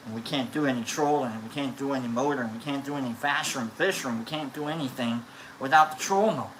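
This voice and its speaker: A woman with a low voice tells a casual, rambling story on a livestream, stumbling over restarts and fillers. Her voice rings in an echoey room. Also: fast talker, slight background noise. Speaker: live streamer.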